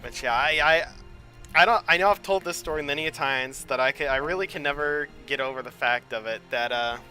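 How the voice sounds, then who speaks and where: A man's voice: on the high side, fairly quick, pushed and bright. A young man rambling casually on his gaming stream, chatty and loose, with swearing. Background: game music playing.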